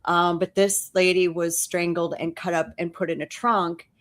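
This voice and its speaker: A woman's voice: lowish voice, little pitch movement, moderate pace. A woman with a New Orleans accent co-hosting a paranormal talk show, telling a story in a plain, matter-of-fact way. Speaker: podcast co-host. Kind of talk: casual chat.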